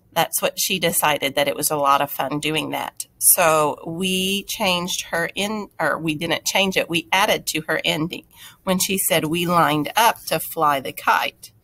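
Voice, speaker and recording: A woman's voice: fairly low pitch, bright, forceful tone. A woman teacher giving a recorded writing lesson to young children, explaining step by step in a patient, encouraging way.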